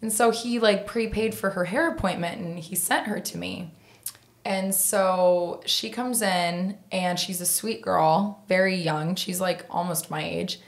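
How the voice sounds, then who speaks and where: A woman in her thirties with a slightly low voice tells a story in a relaxed podcast chat. She talks candidly and swears freely, with many fillers along the way. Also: measured pace. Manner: candid and profane, with frequent laughs and fillers. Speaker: guest hairdresser.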